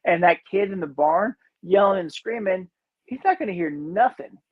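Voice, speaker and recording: A man's voice: high voice, expressive, normal speed, narrow, tinny audio. A man casually recapping a movie on a podcast, rambling with lots of fillers and acting out characters' lines. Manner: rambling, many "you know" fillers, acts out lines. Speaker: podcast co-host.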